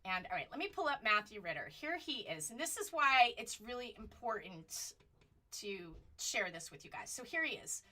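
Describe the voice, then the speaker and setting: A woman's voice: fairly high pitch, sing-song, moderate pace, pushed and bright, far from the mic. A woman hosting a political commentary show from home, talking casually and passionately, rambling and jumping between points.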